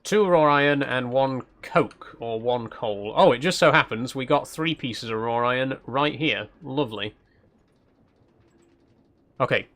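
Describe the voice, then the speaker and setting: A man's voice: medium pitch, fairly bright tone. Male streamer, mild Yorkshire accent, casual and chatty, talks through what he's doing. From South Yorkshire, England. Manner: chatty, thinking aloud. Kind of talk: casual live-stream commentary while playing.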